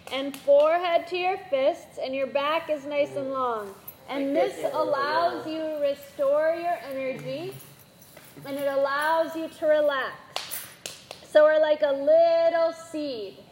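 A woman teaching a playful yoga class for children, giving gentle, encouraging instructions. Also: high voice. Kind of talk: guided kids' yoga class. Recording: echoey room with faint background noise.

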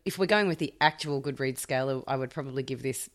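A woman with a notably low voice chats frankly on a book club podcast. Her talk is casual and direct. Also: quick pace. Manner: chatty and frank. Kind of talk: casual chat.

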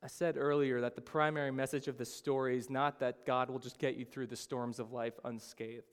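A man preaching a sermon, reading scripture with earnest drama and acting out frightened voices. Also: medium pitch. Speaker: pastor. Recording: long hall reverb.

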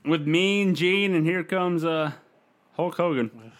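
A man with a highish voice takes his time recapping a wrestling show play by play on a podcast. It's casual chat, rambling and full of fillers, with voices quoted along the way.

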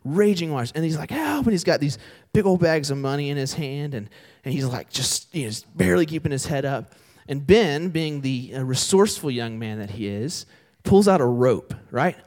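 A man's voice: medium pitch, normal speed. A young man preaching a sermon in a church, telling a story and acting out its characters. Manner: animated storytelling with voiced characters. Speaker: pastor. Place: church sanctuary.

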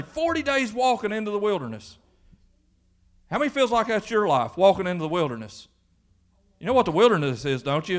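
Pastor preaching, high voice, folksy, acts out the bible voices. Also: male voice, a bit bright. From Kentucky. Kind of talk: sermon. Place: church.

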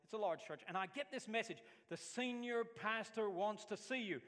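Preaching in a big, reverberant room, this Alabama pastor speaks fairly fast with a high voice and barely pauses. He tells lively stories within his sermon, performing the different voices.

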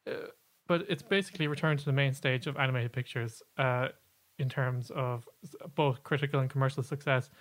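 A man's voice: medium pitch, fairly even intonation, a little fast, a bit bright. Chatty man co-hosting a podcast. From Ireland. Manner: chatty, explanatory, with many fillers and restarts. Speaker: podcast co-host. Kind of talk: casual podcast chat.

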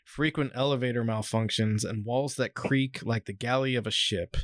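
A man's voice: mid-range voice, steady tone, normal speed, no room sound. Rambling man on a dry mic. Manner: rambling, heavy on fillers, swears freely; reads article passages aloud. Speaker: podcast host. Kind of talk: casual podcast chat.

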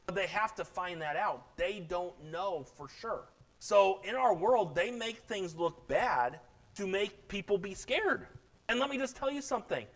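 Impassioned high-voiced preaching man. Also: expressive, measured pace, low-quality recording. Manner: impassioned preaching, rising and falling in loudness. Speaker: pastor. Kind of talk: sermon.

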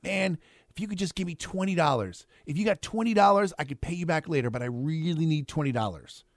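A man's voice: on the high side, a little fast, no echo, studio quality, lightly acted. A man voicing a tiny voice in someone's leg, pleading and wheedling for money in a joke story. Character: tiny begging voice in a man's leg.

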